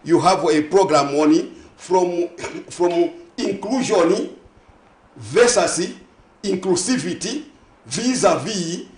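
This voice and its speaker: A man's voice: high-pitched, lively intonation, takes it slowly, darkish tone, echoey room. A man with a Zambian accent, a guest on a morning TV talk show, arguing his point emphatically, stacking synonyms and asking if listeners follow him. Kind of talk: passionate on-air discussion. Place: TV studio.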